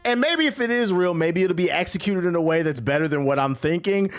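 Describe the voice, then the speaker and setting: This man's voice sits high and moves fairly quickly as he streams about gaming news. His casual reaction rant is animated and profane, full of swearing, sarcasm, jokes, and frequent laughter.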